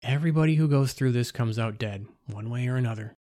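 A man's voice: mid-range voice, quick pace, dark tone, no echo, studio quality, natural voice. A man reading the lines of a seductive, menacing woman vampire in a cold, mocking tone.

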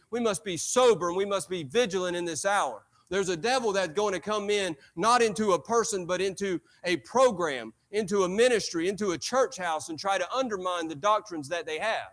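A man's voice: high-pitched, a bit bright. A man preaching a sermon in church, repeating phrases with building emphasis. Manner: preaching with emphatic repetition and rising intensity.

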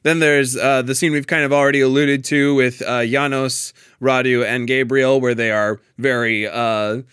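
A man's voice: medium pitch, little pitch movement, normal speed, hardly any pauses, fairly bright tone, clear, resonant tone, no echo, clean studio sound. A man in a casual, thoughtful discussion of a play, often restarting his sentences and laughing lightly.

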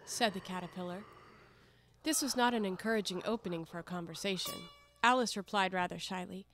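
A woman narrating a classic children's story aloud in a clear, measured and expressive reading. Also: medium pitch, faint music behind.

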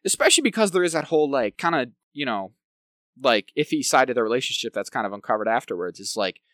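A man's voice: mid-range voice, expressive, fast talker, fairly bright tone, dry recording. Guy cohosting a movie podcast, rambly, says like a lot, asks right? constantly, dry close mic. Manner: rambling, full of "like" and tag questions. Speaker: podcast co-host. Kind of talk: casual film review chat.

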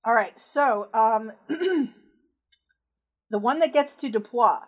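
A woman's voice: fairly high pitch, drawn-out words. A woman narrating as game master of a tabletop horror game, casual and descriptive, with frequent fillers.

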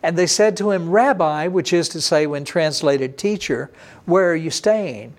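Middle-aged guy preaching, kinda high voice, gets loud then drops way down soft. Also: unhurried. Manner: emphatic preaching with sudden rises and drops in pitch and loudness. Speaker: pastor. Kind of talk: sermon.

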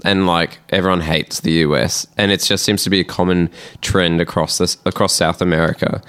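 A man's voice: low-pitched, steady tone, fairly quick, a bit bright. A man on a comedy podcast, asking questions in casual chat, hesitant and full of fillers. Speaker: podcast co-host.

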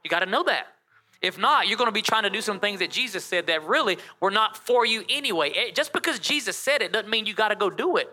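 Guy pastor preaching in church, real bright voice, pretty high, lively back-and-forth with the crowd. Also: quick pace. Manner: lively, conversational preaching with call-and-response. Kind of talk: sermon.

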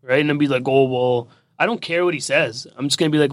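A man's voice: medium pitch, quick pace, hardly any pauses, no echo. A man in a casual chat who talks bluntly, swears and fires rhetorical questions.

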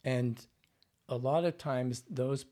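A man's voice: medium pitch, slow, dark tone. A man working as a dialect coach, explaining his method in an interview and demonstrating lines as he goes.

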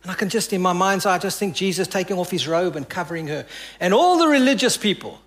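A male pastor preaching a sermon, telling a story and dropping his voice low and soft for quoted lines. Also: animated, fast.

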